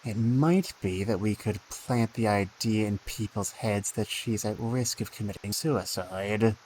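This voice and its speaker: A man's voice: on the low side, unhurried, a little mellow, slight background noise, low-quality recording. A man streaming a game, thinking aloud with dry asides and reading the game text.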